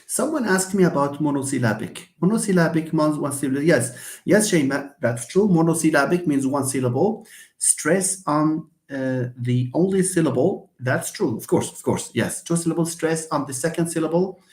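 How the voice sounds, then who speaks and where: A man leads a live English lesson, patiently repeating examples and answering students by name. His voice sits a little high. The room around him sounds echoey. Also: lively intonation, moderate pace, a little mellow. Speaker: English teacher.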